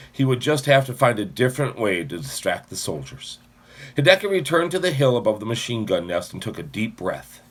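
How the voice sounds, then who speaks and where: A man's voice: on the low side, breathy edge. A man narrating an audiobook expressively, shifting his voice for each character.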